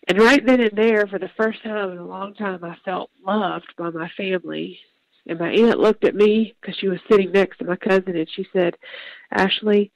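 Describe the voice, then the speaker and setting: A young woman tells her personal testimony. She speaks earnestly and haltingly, pausing and restarting as she goes. The sound is dry and close, with no room echo. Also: medium pitch. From Georgia, US. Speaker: guest telling her testimony.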